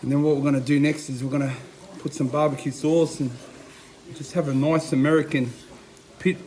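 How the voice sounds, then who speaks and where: A man's voice: a little high, flat delivery, a little fast, mellow. A middle-aged Australian man, a chef, giving an enthusiastic casual cooking demonstration in his backyard and repeating his catchphrases. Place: backyard at home beside a smoker.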